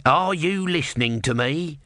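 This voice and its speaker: A man voicing a small, furious male god stuck in a tortoise's body, who shouts in a shrill, bloodthirsty way. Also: expressive, takes it slowly, gravelly, no echo, clean studio sound, heavily acted. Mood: demanding. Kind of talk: audiobook character voice.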